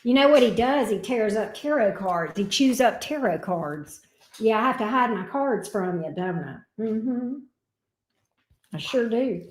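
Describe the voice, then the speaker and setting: A woman's voice: on the high side, expressive, a little slow. A middle-aged woman, chatting playfully with her viewers as a tarot reader and laughing often. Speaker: tarot reader hosting a livestream. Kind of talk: casual chat with viewers.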